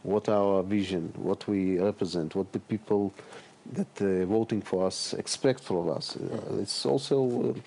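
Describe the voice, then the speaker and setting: A middle-aged man answering interview questions as a politician guest, speaking haltingly with many fillers and repeated words. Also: fairly low pitch, vocal fry, dark tone.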